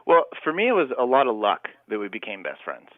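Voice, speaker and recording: A man's voice: mid-range voice, wildly swooping pitch, fairly quick, no echo. Earnest man on a tinny phone line. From Canada. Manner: earnest, rambling storyteller. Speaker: guest. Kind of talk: radio phone interview.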